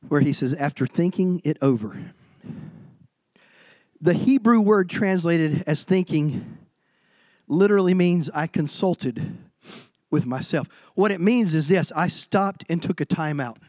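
A middle-aged man preaching a sermon as pastor, swinging from low, quiet stretches to loud, emphatic outbursts. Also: dry recording.

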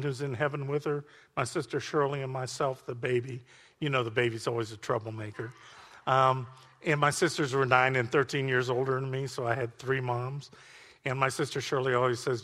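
A middle-aged male pastor preaching a sermon, swinging between soft, intimate passages and loud, shouted climaxes. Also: mid-range voice, big-room sound.

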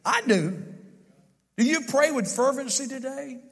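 A man preaching a sermon in a church, impassioned, swinging from loud to hushed. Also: very high-pitched, animated, a little slow, slightly rough, in a large hall.

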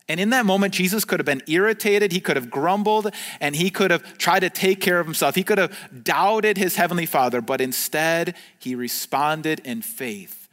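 A pastor delivers an earnest, conversational sermon, stumbling through restarts and fillers as he goes. His voice sits a little high for a man, and a long reverb trails each phrase as if he were in a large hall. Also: normal speed, fairly bright tone. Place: church video recorded during the pandemic.

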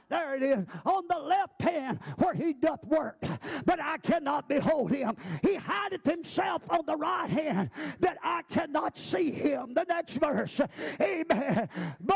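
A male preacher in full sermon flow, his voice strikingly high and rough with fry. He shouts and chants his phrases in a rhythmic, sing-song cadence.

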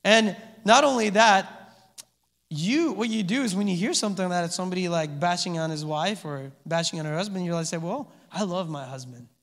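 A man's voice: high voice, a little fast, creaky, a bit bright. A pastor giving a conversational sermon, often checking in with his listeners by asking "amen?" and "okay?". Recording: reverberant hall.

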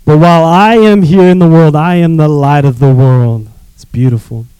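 A man preaching as a youth pastor, reading scripture with animated asides and calling on the congregation to repeat phrases. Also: fairly high pitch, moderate pace, clear, resonant tone, no room sound, low-quality recording.

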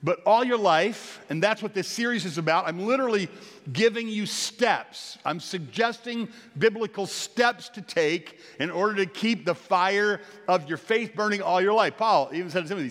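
A middle-aged male pastor preaching a sermon to his congregation, telling stories with jokey asides and swinging from quiet to loud. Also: high voice, moderate pace. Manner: storytelling, jokey asides, animated swings in volume. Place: church sanctuary. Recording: long hall reverb.

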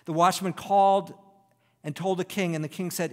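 Male preacher, slightly high voice, dramatic shifts from loud to hushed, big reverberant sanctuary sound. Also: fairly quick. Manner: expressive preaching, drops to a hushed near-whisper for emphasis. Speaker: pastor. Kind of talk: sermon.

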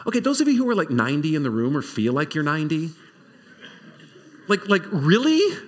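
Animated male preacher telling a story. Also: a little high, fairly quick. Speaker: pastor. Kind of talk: sermon.

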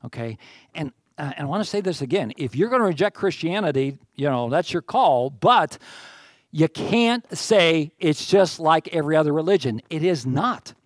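A man preaching a conversational sermon as pastor, informal and earnest, with self-deprecating asides, pushing his voice higher and louder to stress a point. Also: expressive, moderate pace, no echo, studio quality. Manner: rises in pitch and volume when stressing a point.

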